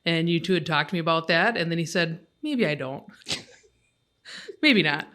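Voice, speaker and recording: A podcast host chats with a guest in a bright, sharp tone. The talk is loose and joking, with laughter breaking into the stories. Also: mid-range voice, unhurried. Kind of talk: casual chat.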